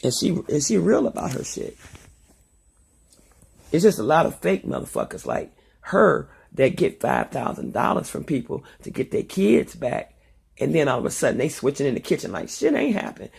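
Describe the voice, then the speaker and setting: A woman's voice: deep voice, sing-song, moderate pace, creaky, darkish tone, breathy edge. A middle-aged woman talking to her vlog audience in a blunt, profane, heated storytelling manner. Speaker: vlogger. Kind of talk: casual monologue vlog.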